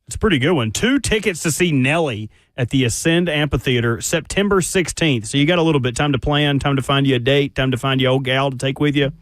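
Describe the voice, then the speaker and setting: A man co-hosting a sports radio show, ranting in an animated, exasperated way and slipping into mock voices. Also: medium pitch, quick pace, few pauses, no room sound, studio quality. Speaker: radio co-host. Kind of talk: casual sports radio chat.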